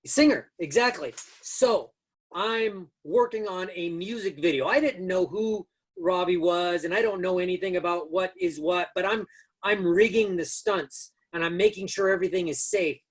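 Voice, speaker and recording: A man's voice: high-pitched, moderate pace. A man in his fifties telling stories as a guest in an interview, rambling through anecdotes with many restarts. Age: 50s. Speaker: guest, stunt rigger. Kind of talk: casual storytelling.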